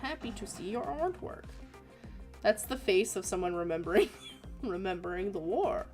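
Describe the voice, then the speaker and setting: A woman's voice: mid-range voice, big pitch swings, normal speed, a little mellow, faint music behind. A young woman hosting an art livestream, chatting casually and giggling as she reads viewer messages aloud. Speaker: art streamer reading viewer submissions.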